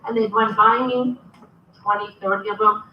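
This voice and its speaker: A woman telling a humorous personal story at a convention, lively and animated as she acts out the conversations. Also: medium pitch, moderate pace, a little hiss or hum. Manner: lively storyteller, acting out dialogue. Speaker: convention speaker. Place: convention hall. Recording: echoey hall, from far off, dull.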